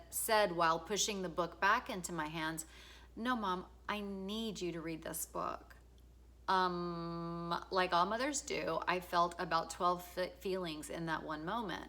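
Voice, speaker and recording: A middle-aged woman reads her own book introduction aloud, frank and emotional, stepping out of the text for casual asides and swearing. Her voice sits a little low in pitch but sounds sharp and bright. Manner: frank and emotional, swears freely, laughs often. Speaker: author.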